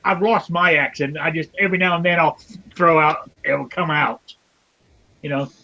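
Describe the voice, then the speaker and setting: A man from England chatting easily in an online voice lobby, a little halting at times. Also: on the high side, steady tone, sharp tone. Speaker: voice chat participant. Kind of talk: casual online voice chat. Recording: dull lo-fi headset mic.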